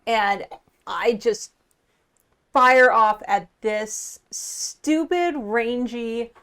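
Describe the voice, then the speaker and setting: A woman playing a tabletop game, talking in a deliberate way and pausing often to think. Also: fairly high pitch, fairly bright tone, smooth. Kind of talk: casual tabletop game play.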